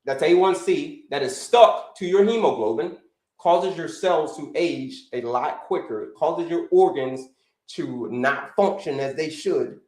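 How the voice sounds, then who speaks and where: A man hosting a live health stream speaks a little slowly in a fairly high, slightly mellow voice. He chats casually, goes over the same points again, calls his audience "folks," and asks them to type in the chat. The recording is roomy and low quality.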